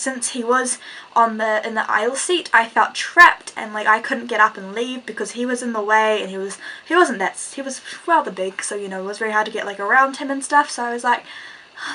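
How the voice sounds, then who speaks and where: A woman's voice: a little high, pushed and bright, poor audio. A teenage girl with a New Zealand accent, chatty and rambling as she tells a story to her vlog viewers. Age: teens. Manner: chatty, rambling, lots of "like" and "and stuff". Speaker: vlogger.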